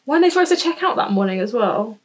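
A woman's voice: on the high side, very animated, fast talker. A woman co-hosting a casual podcast, reacting to stories and then telling her own from working abroad. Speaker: podcast co-host, former holiday rep. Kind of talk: casual chat.

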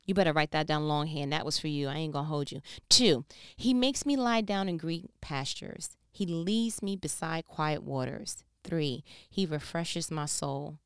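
Woman, preacher, sermon, low smooth voice, animated conversational delivery, dry close sound. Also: moderate pace, no room sound. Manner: animated, conversational preaching with bursts of laughter and loud exclamations.

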